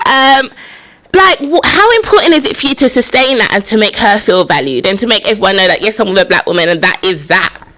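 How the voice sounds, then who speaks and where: A woman's voice: mid-range voice, expressive, a little fast, bright, forceful tone. A young woman, hosting a casual interview in a chatty, emphatic way. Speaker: talk show host.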